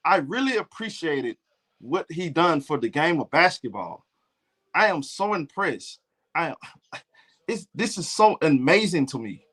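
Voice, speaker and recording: Man parodying a prim TV basketball analyst: slow, stiff, over-proper, Southern accent showing through. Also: on the high side, very animated, bright, forceful tone, full character voice. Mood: mock-formal. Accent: Southern US, Alabama. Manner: slow, stiff, overly polished delivery.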